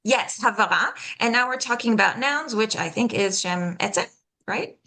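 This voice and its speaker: Woman instructor with a bright, slightly gravelly voice, patient and explanatory, modeling words slowly. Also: on the high side, lively intonation. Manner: patient, explanatory, checks in with frequent "okay?"; demonstrates sounds slowly and deliberately. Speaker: pronunciation workshop instructor. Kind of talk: live online workshop teaching.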